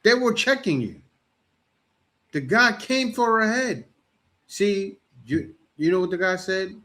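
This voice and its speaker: Animated, high-voiced male commentator. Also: takes it slowly. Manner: mocking, animated, laughing. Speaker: commentator host. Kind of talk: reaction commentary.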